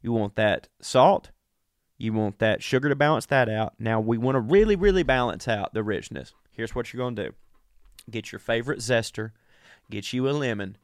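A man's voice: medium pitch, no echo, clean studio sound. A sick man, talking casually and profanely straight to his listeners in a podcast monologue. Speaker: podcast host.

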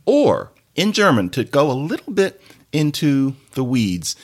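A man hosting a podcast and explaining things in a playful, digressive way. His pitch leaps up and down constantly, and he often drops his voice low before bouncing back up. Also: huge pitch swings, unhurried. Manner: playful, digressive lecturing with sudden pitch jumps. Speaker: podcast host.

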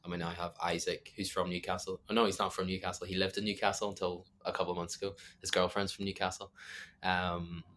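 A man's voice: low voice, level tone, fast talker, fairly bright tone, a little hiss or hum. A young man with a Northern Irish accent, a musician chatting casually in an interview, rambling and self-deprecating with many fillers. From Northern Ireland. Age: young adult. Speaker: musician guest.

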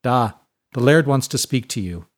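A man's voice: medium pitch, animated, normal speed, lightly acted. An ambitious young tailor's son who is formal and polite with his betters, as a man reads him aloud. He sounds close to the narrator's own voice. This is a storybook reading.

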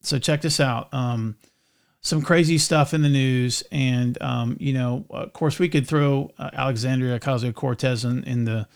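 Guy rambling on a podcast, lots of ums, gravelly. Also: mid-range voice, fairly even intonation, moderate pace. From North Carolina, USA. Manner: rambling, many fillers and restarts. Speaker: podcast co-host. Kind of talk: casual chat.

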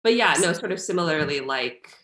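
A woman talking in a casual discussion, halting and leaning heavily on fillers. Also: on the low side, expressive, fairly bright tone. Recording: roomy echo.

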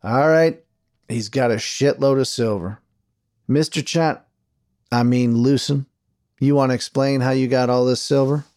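A man's voice: medium pitch, fairly even intonation, measured pace, a little mellow, dry recording, studio quality, natural voice. A man doing a drawling frontier sheriff. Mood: firm. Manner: drawling, folksy, firm. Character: gruff, steady frontier sheriff, middle-aged man.

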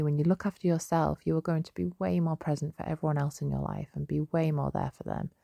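A young woman hosting a solo podcast, chatty and gentle, with many fillers and restarts. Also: sits low, vocal fry, no echo, clean studio sound. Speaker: podcast host. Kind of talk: casual solo podcast talk.

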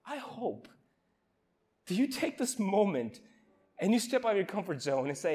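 A young man giving an emotional, earnest informal sermon at a youth camp, with halting restarts. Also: sits high, sing-song, a little mellow.

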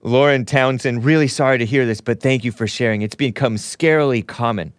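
A man's voice: mid-range voice, brisk, no echo, clean studio sound. A male show host giving solo commentary, mocking and sarcastic as he reads out social media replies.

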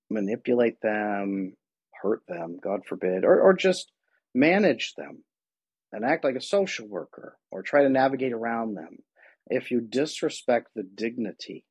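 Husky-voiced man, earnest and dry. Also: fairly low pitch, a little mellow, no room sound, lo-fi sound. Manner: earnest, acts out dialogue with his kids. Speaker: guest, attachment specialist. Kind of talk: conversational interview.

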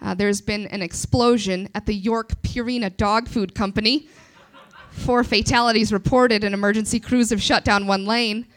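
A woman's voice: mid-range voice, steady tone, moderate pace, natural voice. A woman voicing a chipper female radio traffic announcer who reads grim news in a cheery, upbeat way.

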